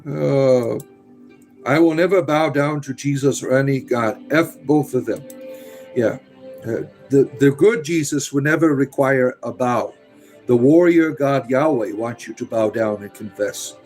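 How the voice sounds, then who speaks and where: A man in casual live chat who turns emphatic and preachy, his speech dotted with "uh" fillers. He talks in a theatrical, storyteller-like accent of his own making, at an everyday pitch. Faint music plays behind him. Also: a little slow, darkish tone, poor audio. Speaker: livestream host answering chat.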